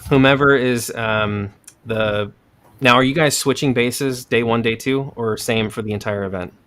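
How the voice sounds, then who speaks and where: A man hosting a podcast in casual chat, relaxed and full of fillers. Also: medium pitch, normal speed, smooth. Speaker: podcast host.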